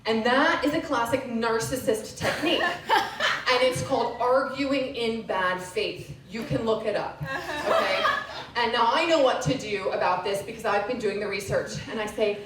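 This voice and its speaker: A woman in her thirties doing stand-up comedy, telling a story on stage with lively, animated delivery. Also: normal speed. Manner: animated storytelling with wild pitch jumps. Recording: roomy live venue, distant, faint hiss.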